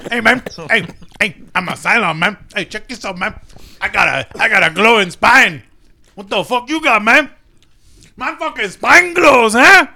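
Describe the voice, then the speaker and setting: A man putting on the voice of a crazed, foul-mouthed male Cylon as a comic improv bit on a casual podcast. He is profane and brash, ends his lines with "man" and bursts into shouts. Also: sits high, animated, drawn-out words, vocal fry, exaggerated voice.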